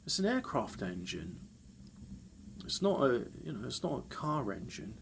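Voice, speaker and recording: A man's voice: medium pitch, very animated, measured pace, creaky, background noise. A man in casual chat, rambling and correcting himself with wry asides.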